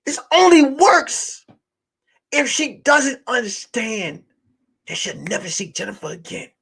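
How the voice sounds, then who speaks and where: Comedian host, husky lively voice, bright tone, acts out every character in his story. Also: very high-pitched, unhurried. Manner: acts out characters, swings from hushed to shouting.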